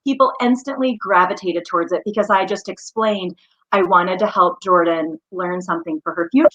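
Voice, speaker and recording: A woman's voice: mid-range voice, lively intonation, normal speed, fairly bright tone. Woman, interview guest, earnest, heartfelt storytelling, slightly dull remote audio. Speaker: guest, mother and small business founder.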